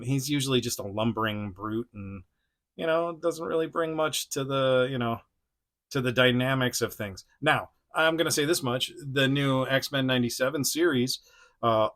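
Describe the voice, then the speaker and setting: A man's voice: mid-range voice, fairly bright tone. A man casually chatting through a toy review, rambling with many fillers and chuckles. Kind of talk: casual unboxing chat.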